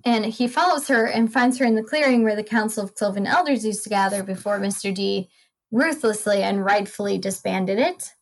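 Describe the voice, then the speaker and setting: A woman's voice: mid-range voice, normal speed, rough recording. A woman casually retelling a book's plot in long run-on sentences and laughing often. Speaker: podcast co-host. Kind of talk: casual book recap chat.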